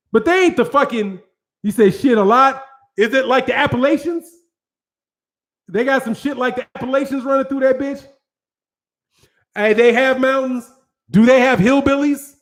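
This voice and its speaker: A high-voiced American man hosts his own boxing channel. He rants in loose, profane street slang, rambling and restarting as his points pile up. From United States. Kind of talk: casual ranting commentary.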